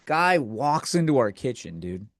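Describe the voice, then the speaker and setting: A man's voice: medium pitch, very animated, no echo, clean studio sound. A man hosting a podcast, delivering a comedic rant in a provocative, offhand way and brushing things off as jokes. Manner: provocative, offhand, quick to say just kidding. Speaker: podcast host.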